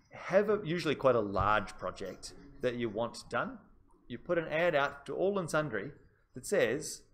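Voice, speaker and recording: A man giving a live business law seminar in a casual, conversational way, talking straight to his students and repeating the key points. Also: medium pitch. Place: classroom.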